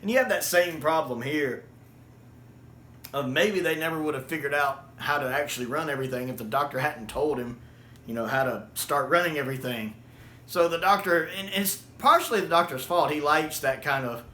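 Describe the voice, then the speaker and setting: A man casually reviewing a show, enthusiastic and quick to laugh. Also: on the high side, animated, sharp tone. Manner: enthusiastic, laughs often, acts out quotes. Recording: echoey room with faint hiss.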